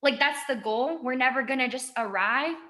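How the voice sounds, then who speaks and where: A woman's voice: sits high, pushed and bright. A woman in her twenties giving an emotional, chatty motivational talk on a video call. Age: 20s. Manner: gushing, emotional, fast and chatty. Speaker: guest speaker.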